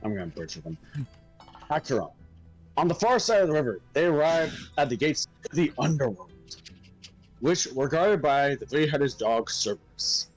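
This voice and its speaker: A man's voice: a little high, sing-song, normal speed, faint music behind, rough recording. A man casually reading game text aloud, tripping over hard names and joking.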